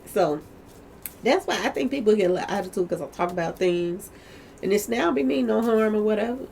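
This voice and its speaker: A woman with a slightly squeaky voice in a casual commentary monologue, candid and colloquial, who laughs often and keeps asking her viewers "okay, y'all?". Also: expressive, a little fast, creaky, a little mellow, a little hiss or hum. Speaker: commentary vlogger.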